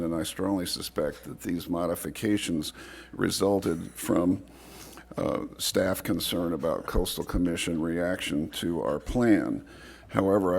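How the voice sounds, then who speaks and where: Gravelly low-voiced man giving public comment. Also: darkish tone. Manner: earnest, fast formal reading with stumbles. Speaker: public commenter, advisory committee chair. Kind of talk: public comment at a county board meeting.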